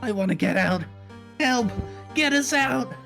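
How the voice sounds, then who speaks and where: A woman's voice: medium pitch, sing-song, slow. A woman voicing a panicking man trapped in an elevator, pleading and complaining frantically, over game music. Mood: frantic. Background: video game music.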